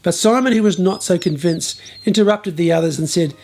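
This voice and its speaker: A man's voice: high voice, a little fast, vocal fry, few pauses, a little mellow, faint music behind. A man telling a bible story in a humorous style, with wry, playful asides.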